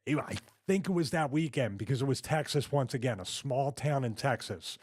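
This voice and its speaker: A man's voice: medium pitch, moderate pace, a little hiss or hum. A man casually telling an old wrestling road story, laughing often as he goes. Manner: laughing, animated anecdote telling. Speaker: retired wrestler guest.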